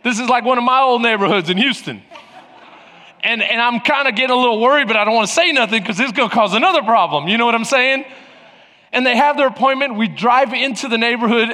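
A man in his forties preaching as a pastor, telling funny family stories in an animated, joking way and acting out voices. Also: very high-pitched, brisk. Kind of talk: humorous sermon storytelling. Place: large church sanctuary. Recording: reverberant church hall.

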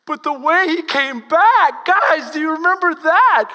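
A woman pastor with a Texan accent, preaching a sermon as lively storytelling that swings from loud to hushed. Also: very high voice, unhurried, big-room sound.

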